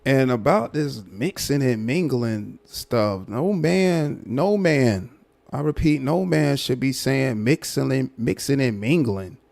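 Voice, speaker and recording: A man's voice: medium pitch, lively intonation, takes it slowly, creaky, a little mellow. A man hosting a livestream, giving blunt, repetitive commentary on a guest. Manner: repetitive, emphatic, judging. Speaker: livestream host.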